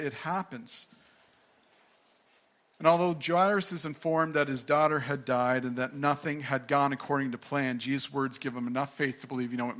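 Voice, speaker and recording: A man's voice: medium pitch, a bit bright. A young man giving a sermon as pastor, earnest and conversational, full of fillers and restarts.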